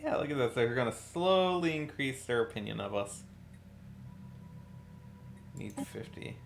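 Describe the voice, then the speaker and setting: Tired low-key male game streamer. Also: animated, measured pace, vocal fry, noisy background. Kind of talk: casual live-stream commentary.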